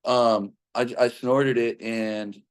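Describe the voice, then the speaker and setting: A man's voice: mid-range voice, steady tone, slow, clear, resonant tone. A young man casually telling a personal story, rambling with frequent fillers and heavy swearing.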